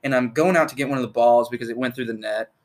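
A man's voice: medium pitch, rapid-fire. Casting: young guy, casual storyteller, loose and profane, lots of filler. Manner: rambling storytelling with heavy filler and swearing. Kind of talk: casual chat.

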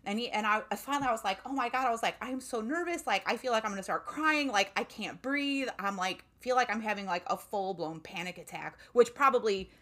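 A woman's voice: a little high, quick pace, hardly any pauses, fairly bright tone. A woman telling a personal story in a casual interview, talking freely with many "like" fillers. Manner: chatty, lots of "like" fillers.

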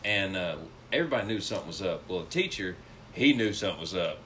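A man's voice: deep voice, lively intonation, fast talker, a bit bright, slight background noise. Laughing young man telling a story. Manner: rambling, laughs through the story. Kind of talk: casual storytelling.

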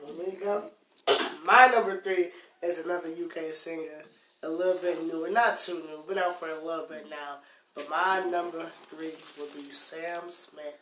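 A man's voice: a little high, steady tone, moderate pace, bright, forceful tone, slight background noise. A man chatting casually in a laid-back way. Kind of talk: casual chat. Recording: roomy echo.

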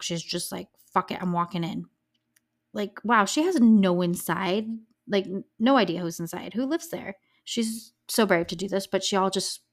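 A woman hosting a podcast, telling a true-crime story in a casual, emphatic way with fillers and swearing, her voice a little scratchy. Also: medium pitch. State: slightly scratchy voice. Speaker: podcast host.

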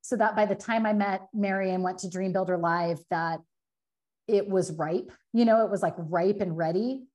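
A woman in her thirties, a guest telling a candid personal story, earnest and quick, full of filler words. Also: medium pitch, darkish tone. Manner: earnest, fast, many filler likes, acts out quotes.

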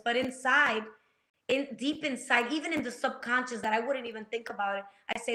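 A woman tells her faith story with a preacher's passion, her voice high and bright. Her words ring in an echoey room. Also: a little fast. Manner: passionate, preacher-like, acts out quotes. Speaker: guest sharing testimony. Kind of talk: faith-based talk show conversation.

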